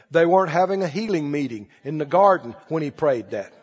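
A man preaching a sermon emphatically, his voice rising to loud declarations and dropping low again. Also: lively intonation, normal speed, long pauses, husky. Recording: dull recording in a large reverberant hall.

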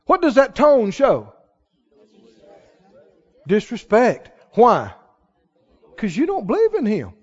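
A man preaching a sermon who swings between quiet asides and shouted exclamations, asking the congregation question after question. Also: extremely high pitch, huge pitch swings, slow, long pauses. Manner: fires rhetorical questions at the congregation. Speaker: pastor. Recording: dull lo-fi recording.

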